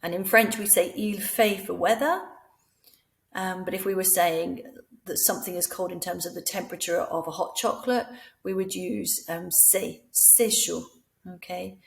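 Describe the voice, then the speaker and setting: A woman talks teachers through classroom activities in a calm, patient way. She has a creaky, gravelly edge to her voice. Now and then she sings out French phrases with a rising question lilt. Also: lowish voice, moderate pace, poor audio. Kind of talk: recorded training lesson.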